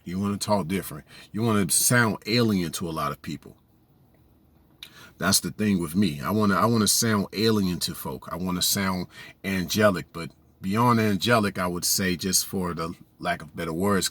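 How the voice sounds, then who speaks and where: A man's voice: low-pitched, a bit bright. A man giving a preachy casual monologue, often saying "you know what I'm saying". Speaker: vlogger.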